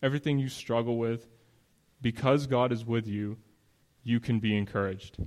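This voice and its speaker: Male pastor, mid-pitched voice, relaxed conversational preaching. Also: moderate pace. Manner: conversational preaching with restarts and scripture reading. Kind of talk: sermon.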